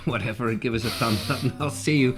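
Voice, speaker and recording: A man's voice: medium pitch, fast talker, music in the background. A man hosting a casual cooking vlog in his kitchen, chatty and self-deprecating with a chuckle in his talk. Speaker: vlogger host. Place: home kitchen.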